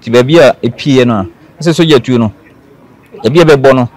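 A man from Ghana speaks as an interview guest, recounting what happened to him. He talks earnestly at a middle pitch, often repeating phrases to drive a point home. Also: brisk, darkish tone. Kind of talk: telling a personal story.

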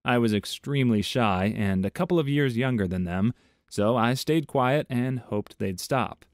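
A man reading online stories aloud in a measured, even tone, adding his own commentary between them. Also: mid-range voice, no echo, clean studio sound. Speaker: story narrator.

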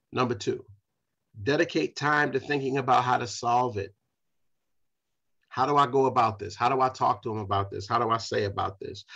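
A man's voice: mid-range voice, fairly bright tone, breathy edge, highs cut off. A pastor leading a Bible study, preaching in a repetitive style straight to his congregation. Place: church.

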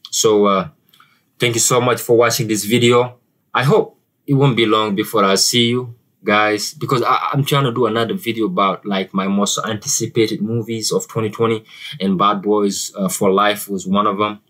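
A man's voice: fairly low pitch, fairly even intonation, normal speed, a bit bright, low-quality recording. A man with an African accent giving a casual, chatty movie review to camera, often repeating words and using fillers.

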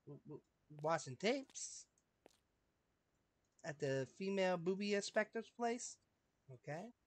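A man giving joking, slangy commentary over a game, laughing often and swinging between loud outbursts and mutters. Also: on the high side. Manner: goofy, slangy, laughs a lot, jumps loud and quiet. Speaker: gaming streamer.

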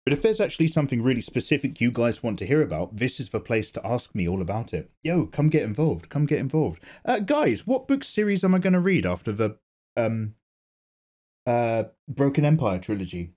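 A male artist chatting casually with his viewers as he draws and reads out their comments. His pitch sits in a middle range but swings up and down a lot. He sounds playful, chatty and ready to laugh at himself. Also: sing-song, brisk, a little mellow. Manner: chatty, playful and self-mocking. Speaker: artist and channel host. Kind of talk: casual chat reading viewer comments while drawing.

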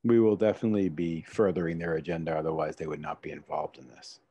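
A man doing a deep, grave adventurer. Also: level tone, fast talker, dark tone, husky, no echo, highs cut off, heavily acted. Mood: solemn.

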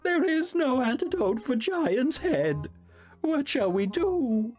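A woman's voice: huge pitch swings, unhurried, a little mellow, husky, soft background music, heavily acted. A man doing a fretful, wailing peasant mother. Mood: anguished. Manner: wailing, high and anxious.

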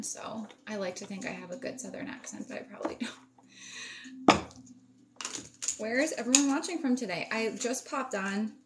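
A woman's voice: medium pitch, noisy background. A woman in casual live-stream chat from home on a phone, upbeat and chatty, greeting viewers and swearing casually. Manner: greets viewers warmly, fillers like um. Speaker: spiritual wellness live-streamer.

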